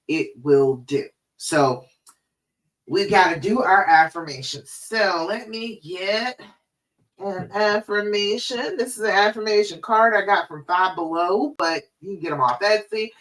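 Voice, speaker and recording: A woman hosting a live-stream coaching show, encouraging listeners and checking in with "okay?" and "all right?". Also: fairly low pitch. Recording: voice a bit far from the mic.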